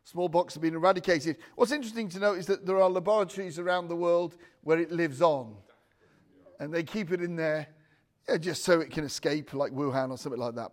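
A man preaching an informal sermon to a small room, chatty and digressive, with restarts and asides to his listeners. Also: a little high. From United Kingdom. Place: room with a live audience. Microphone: speaking without a handheld mic.

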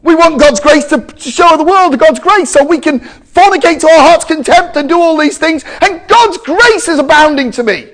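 A man preaching in a strikingly high voice that swings widely up and down. He drives points home with sudden loud exclamations, then drops into quiet, chatty asides to his congregation. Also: expressive, normal speed, few pauses. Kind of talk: sermon.

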